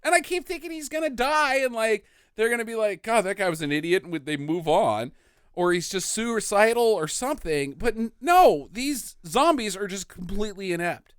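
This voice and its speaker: A woman's voice: mid-range voice, lively intonation, moderate pace, clean tone, no echo, clean studio sound. A woman co-hosting a podcast, chatting casually about a bad movie, laughing often and acting out quotes. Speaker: podcast co-host. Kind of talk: casual movie-riffing chat.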